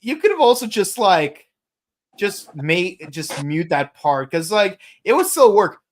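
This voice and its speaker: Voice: medium pitch, very animated, unhurried. A co-host of a live fan review show, chatting casually about the latest episode. The talk rambles and restarts often. The co-host breaks into sung bits of songs along the way.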